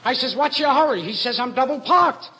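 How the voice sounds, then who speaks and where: A man telling rapid stand-up jokes in deadpan one-liners, on an old broadcast recording. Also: very high-pitched, heavy background noise. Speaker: stand-up comedian.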